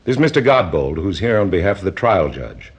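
A male psychiatrist with a low, husky voice who speaks in a measured, persuasive way. His delivery moves a lot in pitch as he presses his point. It sounds like an old film drama. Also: big pitch swings, heavily acted. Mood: formal. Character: calm, insistent male psychiatrist doctor.

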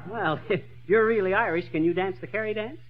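A man's voice: high-pitched, a little fast, a crowd in the background, noisy background, lightly acted. A man playing a bumbling, boastful, newly rich man in a 1940s radio comedy. He blusters and stammers. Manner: blustering, stammering, lively swings. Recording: dull old radio broadcast recording.

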